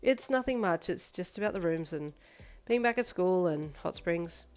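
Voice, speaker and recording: A woman voicing a playful, energetic teenage girl who talks loudly and teases. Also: on the low side, normal speed, lightly acted. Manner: bright, loud and teasing.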